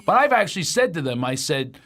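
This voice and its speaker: Animated Philadelphia man, lively pitch. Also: quick pace. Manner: animated, jokey, bursts into loud mock arguments. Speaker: podcast host. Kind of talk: casual comedy chat.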